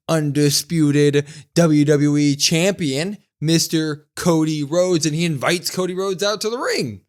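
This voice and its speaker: Man, young adult, podcast co-host, animated recap, slightly higher voice. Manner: animated retelling, slows to mimic quoted speakers. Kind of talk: casual recap chat.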